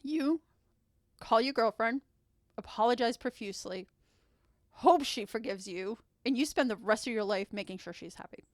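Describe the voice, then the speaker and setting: A woman voicing a stern middle-aged mother who firmly orders her grown son to fix things, in slow, deliberate commands. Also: on the high side, no echo, studio quality, close to an everyday voice.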